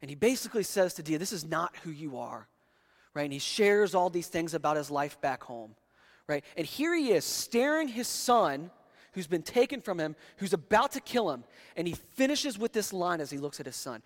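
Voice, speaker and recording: A man's voice: on the high side, lively intonation, normal speed. Man preaching in a reverberant hall. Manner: conversational preaching with frequent restarts, swelling to emphatic peaks. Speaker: pastor. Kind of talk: sermon.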